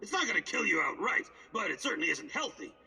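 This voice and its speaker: A gravelly, husky male stalker, crude and swaggering, his pitch jumping all over as he spins a yarn. The voice sounds bright and comes from off the mic, as game audio. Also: sing-song, quick pace, distant mic, full character voice, low-quality recording. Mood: storytelling. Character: coarse boastful male stalker, streetwise storyteller. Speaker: game character.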